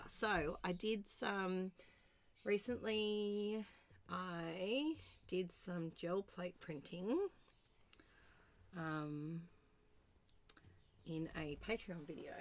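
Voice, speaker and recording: An Australian woman in her thirties chatting casually and rambling while she crafts, murmuring to herself as she writes. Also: lowish voice. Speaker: art streamer.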